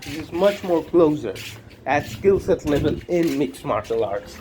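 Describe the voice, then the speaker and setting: High-voiced guy ranting about fights, blunt and sweary, faint noise in the background. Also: very animated, a little slow, dark tone. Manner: blunt, profane, repetitive. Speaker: combat sports commentator. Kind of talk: casual opinion monologue.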